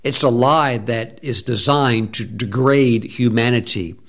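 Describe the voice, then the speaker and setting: A man's voice: medium pitch, fairly even intonation, a little slow. A middle-aged man, a pastor, preaching a sermon emphatically, drawing words out and humming between phrases.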